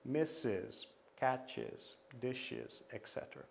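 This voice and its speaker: A man's voice: medium pitch, very slow, vocal fry, a little hiss or hum. A man training teachers, explaining pronunciation rules step by step in a methodical way, with frequent fillers and restarts. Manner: methodical, repeats steps, many fillers and restarts.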